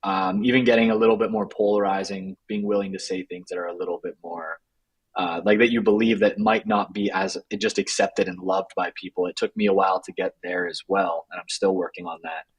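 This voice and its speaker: A man's voice: sits low, flat delivery, fairly quick, husky, low-quality recording. A man as an interview guest, talking casually with many filler words. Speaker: guest, writer and co-founder. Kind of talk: interview conversation.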